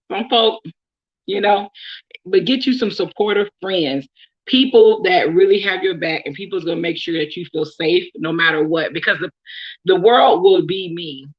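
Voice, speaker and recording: A woman's voice: on the low side, lo-fi sound. A young woman with a Bay Area accent from Oakland, chatting casually to camera as she answers follower questions, laughing often with plenty of ums. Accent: Bay Area, California. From Oakland, California.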